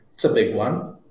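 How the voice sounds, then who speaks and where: A man giving a screen-recorded software demo, talking his viewers through it with joking, chuckling asides. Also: on the low side, roomy sound. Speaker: software presenter.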